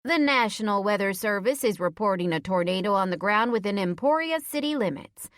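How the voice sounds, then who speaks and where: A woman reading an audiobook, voicing a calm older police dispatcher who speaks in a flat, measured monotone. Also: medium pitch, no echo, studio quality, natural voice. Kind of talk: audiobook character voice.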